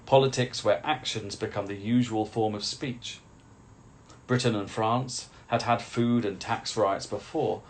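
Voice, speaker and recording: A man reading a nonfiction book aloud in a measured, deliberate way, pausing between phrases. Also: lowish voice, a little hiss or hum. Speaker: reader.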